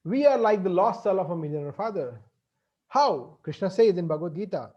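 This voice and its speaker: A man gives a devotional lecture in a high but mellow voice. He explains through homely examples and keeps asking "right?". The audio sounds dull and lo-fi. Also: lively intonation, fairly quick. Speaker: spiritual teacher.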